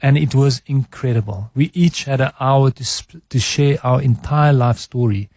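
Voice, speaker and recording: A middle-aged man talks openly about himself as a radio studio guest. His voice is gravelly and mellow, close on a dry studio mic. He speaks with candour and feeling. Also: mid-range voice, moderate pace, no room sound. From South Africa. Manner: candid, emotional, self-searching. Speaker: advertising executive, radio guest. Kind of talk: reflective interview talk. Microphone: studio mic with headphones.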